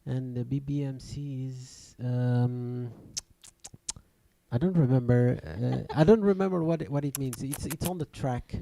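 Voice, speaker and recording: Gravelly, dark-voiced man hosting a music show. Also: medium pitch, a little slow, no echo. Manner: rambling, hesitant, many restarts. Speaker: radio show host and DJ. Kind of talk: casual chat on a livestreamed music show.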